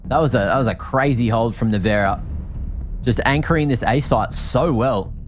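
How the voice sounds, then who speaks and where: A man from Australia with an Australian accent, calling a match as an energetic play-by-play esports caster. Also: medium pitch, over music. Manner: energetic, quick reactions, laughs easily. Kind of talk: play-by-play commentary.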